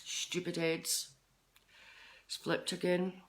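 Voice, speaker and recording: Speaking slowly in a lowish, monotone voice, this middle-aged Scottish woman, a psychic medium, chats on a live stream with her viewers. Her talk is rambling and chatty, hopping between subjects.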